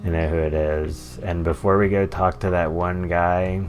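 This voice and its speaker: A man's voice: sits low, steady tone, normal speed, soft background music. A man streaming a game live, reacting with wry, sarcastic commentary.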